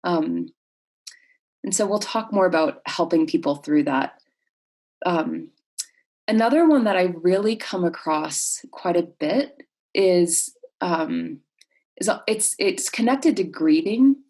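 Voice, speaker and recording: Gravelly-voiced woman counselor, thoughtful. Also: lowish voice, lively intonation, slow. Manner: warm, thoughtful, lots of fillers and restarts. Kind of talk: conversational explanation in an interview.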